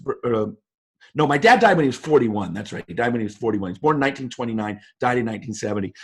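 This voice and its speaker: Man, 50s, husky voice, emphatic storyteller, motivational interview guest. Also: medium pitch. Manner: emphatic storyteller, voice jumps up for quoted lines. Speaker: guest speaker.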